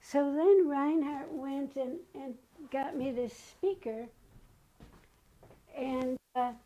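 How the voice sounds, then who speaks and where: A woman's voice: sits high, steady tone, takes it slowly, dark tone, slight background noise, poor audio. An older woman telling personal stories in a chatty way, often acting out what people said. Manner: chatty, acts out remembered dialogue. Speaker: guest. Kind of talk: personal storytelling.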